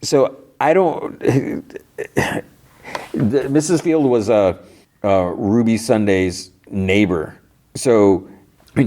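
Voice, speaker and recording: On his podcast, a man whose voice sits on the low side with a darkish tone recaps a TV episode. It's casual and rambling, with lots of filler words and restarts.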